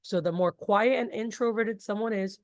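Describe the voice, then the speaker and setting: A woman leading a sales training session in an animated, chatty, casual way. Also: medium pitch, normal speed, dry recording, studio quality. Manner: animated, talkative, casual asides. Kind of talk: energetic group training talk.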